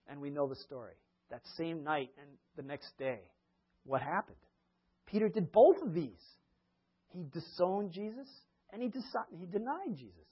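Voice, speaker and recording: A man delivers a sermon in a slightly higher register, his voice husky and a touch breathy. He tells the stories with animation, laughing often and acting out the quotes, and the recording sounds dull and lo-fi. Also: normal speed. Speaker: preacher. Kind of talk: sermon retelling Bible stories.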